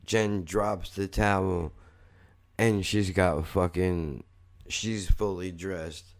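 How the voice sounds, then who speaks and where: Male podcast host, low-ish voice; rambling, blunt, profane monologue. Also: fairly even intonation, slow pace. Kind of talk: casual storytelling monologue.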